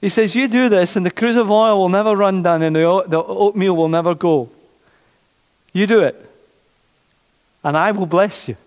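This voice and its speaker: A man preaching a sermon, animated, repeating his phrases and acting out the voices of doubters. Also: high-pitched, moderate pace, long pauses, clean tone. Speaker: pastor. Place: church. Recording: long church reverb.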